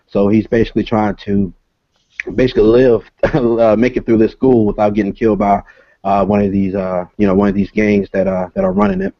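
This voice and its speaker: A man, a comic creator and guest, explaining casually over a video call, halting with many filler sounds. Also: lowish voice, animated, gravelly, dry recording. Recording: dull lo-fi call audio.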